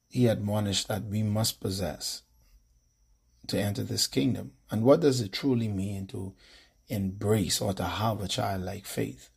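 A male priest, leading a morning devotion with prayer, scripture and a measured sermon. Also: fairly low pitch, vocal fry, husky. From Bahamas.

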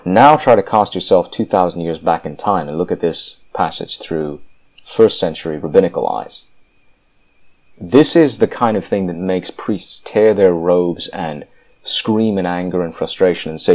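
A Christian commentator with a very deep, low, darkish voice gives fervent Bible commentary at a moderate pace. He drives his points home emphatically and frequently restarts his sentences.

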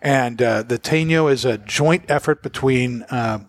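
A man's voice: mid-range voice, measured pace, dry recording. A man hosting a casual cigar podcast, rambling with plenty of "uh" and "you know", from a small podcast studio. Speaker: podcast host. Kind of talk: casual chat about cigars.

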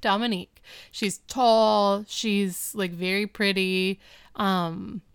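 Female podcast co-host, strikingly smooth and clear voice, dry close sound; chatty with quick wry jokes. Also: medium pitch, fairly even intonation, no echo. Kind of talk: casual chat recapping TV episodes.

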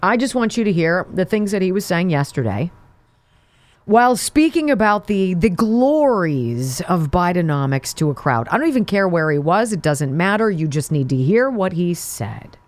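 A woman's voice: lowish voice, big pitch swings, normal speed, a little mellow, dry recording. A woman hosting a political talk show, delivering sarcastic, mocking commentary.

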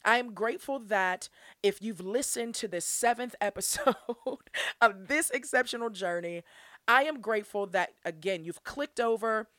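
A woman's voice: medium pitch, moderate pace, fairly bright tone, no echo, studio quality. A young woman hosting her own podcast, talking earnestly and from the heart, laughing often as she goes. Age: young adult. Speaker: podcast host. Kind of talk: solo podcast monologue.

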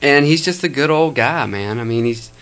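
A man guesting on a podcast as a band member, relaxed and friendly in casual chat. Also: mid-range voice, moderate pace, smooth.

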